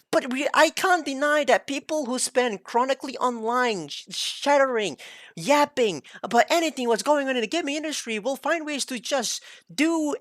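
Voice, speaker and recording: A woman's voice: high-pitched, a bit bright, dry recording, studio quality. A woman streamer ranting in a heated, emphatic casual monologue, swearing often.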